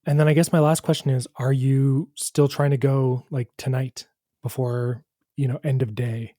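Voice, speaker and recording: A man narrating as dungeon master of a tabletop game, describing scenes in a measured way. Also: medium pitch, flat delivery, mellow, no room sound, studio quality.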